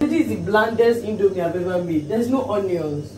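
A woman's voice: mid-range voice, brisk, darkish tone, slight background noise, rough recording. A young Nigerian woman with a Nigerian accent, chatting casually to camera at home in a vlog, joking about being broke. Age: young adult. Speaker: vlogger. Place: at home, indoors.

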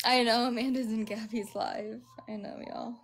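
A woman's voice: fairly high pitch, steady tone, moderate pace, slight background noise. Chatty woman hosting a live stream. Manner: chatty, laughs often, acts out quotes. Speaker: livestream host; crisis counselor. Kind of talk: casual live-stream chat.

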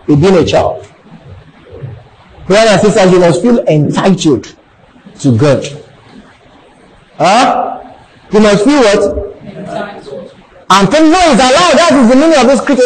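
A man's voice: high voice, a little hiss or hum, poor audio. A man preaching a sermon to his congregation, calling out questions and repeating phrases. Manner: animated preaching with call-and-response and repeated phrases. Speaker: pastor. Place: church service.

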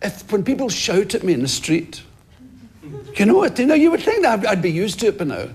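In a TV studio with an audience, some noise, and bursts of laughter, a man in his fifties, a comedian, spins animated stories for an interviewer. His voice sits high, runs fairly quick, and is slightly rough, and he keeps launching into loud shouted impressions of passersby.

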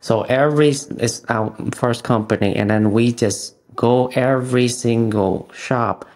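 Male interviewer; mid-range voice; steady listening noises; non-native phrasing. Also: mid-range voice, unhurried. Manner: frequent "mm-hmm" backchannels, non-native phrasing. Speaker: interview host. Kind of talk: casual conversational interview.

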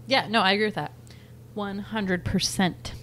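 A woman's voice: medium pitch, steady tone, normal speed, a bit bright, slight background noise. A woman co-hosting a podcast, recapping a movie plot in a rambling, casual way with lots of fillers. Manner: rambling, filler-heavy storytelling. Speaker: podcast co-host.

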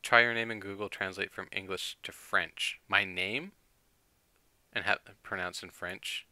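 A man streaming a game and chatting casually with his viewers, thinking aloud and clearing his throat often. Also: low-pitched, fairly even intonation, unhurried, bright, forceful tone, dry recording.

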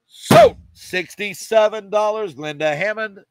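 Fast-chanting male auctioneer. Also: on the high side, animated, fairly bright tone, slight background noise. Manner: rapid auction chant with repeated numbers. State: coughing, choked up. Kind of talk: live online auction selling.

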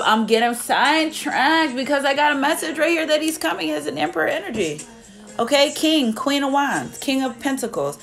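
A young woman reads tarot cards live for her viewers in a loose, chatty way. Her voice sits a little high, and she is blunt and swears without holding back. Faint music plays in the background. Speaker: tarot reader. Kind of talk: casual live tarot reading.

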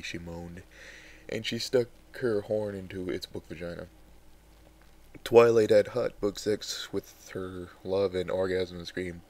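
Young male reader, very low voice, deadpan and exasperated asides. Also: a little slow. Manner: wry, exasperated asides between readings. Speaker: host reading fan fiction aloud. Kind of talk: casual dramatic reading.

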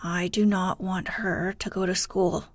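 A woman voicing a gruff, stubborn old grandfather in a story, firm and unyielding in a hushed bedtime read. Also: lowish voice, level tone, a little slow, dry recording.

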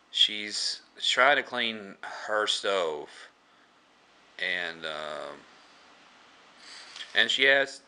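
A man with a low voice that has a sharp, pressed edge to it. He recaps a film loosely, stumbling through restarts and filler words. He keeps pausing to clear his throat. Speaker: movie reviewer. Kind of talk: casual plot retelling.

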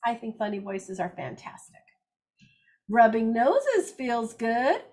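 An older woman teaching a children's circle time, reading picture books aloud in an animated, expressive, gentle way. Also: on the high side, slow.

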